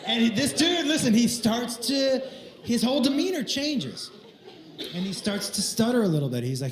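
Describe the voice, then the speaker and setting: High-pitched, excitable stand-up comedian. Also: male voice, normal speed. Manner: excitable, laughing through lines, acts out sounds. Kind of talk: stand-up storytelling. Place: comedy club stage. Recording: echoey club with crowd noise.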